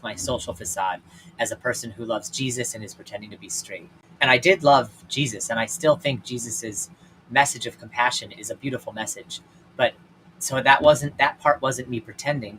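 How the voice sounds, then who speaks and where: A man hosting his own show, telling personal stories in a casual, candid way with lots of fillers, swinging between loud and hushed. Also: mid-range voice, slight background noise, rough recording. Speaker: podcast host and life coach. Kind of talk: personal storytelling monologue.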